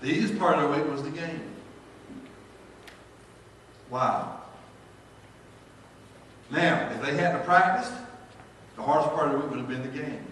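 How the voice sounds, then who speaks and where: A man's voice: on the high side, measured pace, pauses often, slight background noise. Male preacher, jokey storyteller, recorded from far off in a big echoey church. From North Carolina, US. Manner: folksy, jokey, builds to shouted praise. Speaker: pastor. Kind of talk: storytelling sermon. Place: large church sanctuary.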